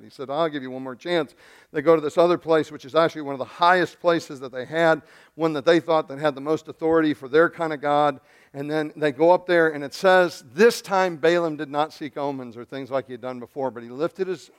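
Animated storytelling male preacher. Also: on the high side, clear, resonant tone. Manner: animated storytelling, humorous asides. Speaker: pastor. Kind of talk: sermon.

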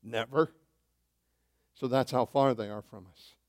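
A man preaching a sermon as pastor, animated, swinging between loud bursts and hushed asides, calling his listeners saints. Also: medium pitch, measured pace. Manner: addresses listeners as saints, asks questions.

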